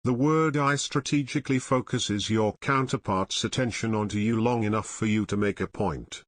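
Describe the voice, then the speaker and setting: A man narrating an audiobook summary in a measured, even reading style. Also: lowish voice, no echo. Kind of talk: scripted narration.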